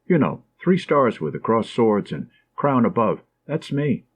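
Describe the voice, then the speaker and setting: A man's voice: medium pitch, very animated, measured pace, a little hiss or hum. A man playing a boastful young soldier. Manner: boastful, self-satisfied. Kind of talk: audiobook character reading.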